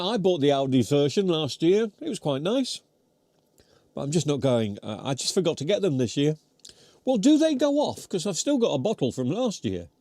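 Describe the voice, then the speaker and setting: Mellow-voiced British man rambling on a live stream. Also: medium pitch, no echo. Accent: British English. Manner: rambling, chatty, self-deprecating; talks while chewing. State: voice getting worn. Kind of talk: casual live chat reading comments. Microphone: close mic near mouth.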